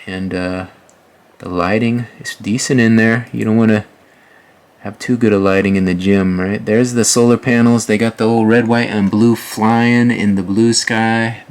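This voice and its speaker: A man's voice: on the low side, fairly even intonation, measured pace, clear, resonant tone. A man hosting a house tour, chatting casually over the photos with folksy asides to his viewers. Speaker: host.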